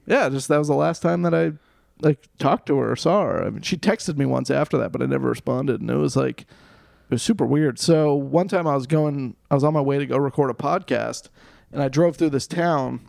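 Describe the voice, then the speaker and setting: A male comedian telling a story on a podcast in casual chat, animated, swearing freely and laughing at himself. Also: medium pitch, a little fast, creaky, no room sound, studio quality.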